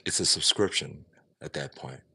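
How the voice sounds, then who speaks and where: Low-voiced man ranting on a livestream. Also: moderate pace, gravelly, bright, forceful tone, slightly rough. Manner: opinionated, ranting, mocking voices, swears. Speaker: livestream vlogger. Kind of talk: casual livestream rant.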